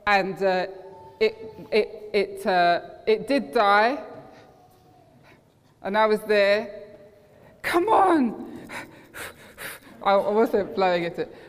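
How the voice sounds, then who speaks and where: A woman preaching a sermon, telling personal stories in an earnest way and acting out what her friends said. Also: a little high. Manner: personal storytelling, earnest, acts out quoted friends. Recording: reverberant hall.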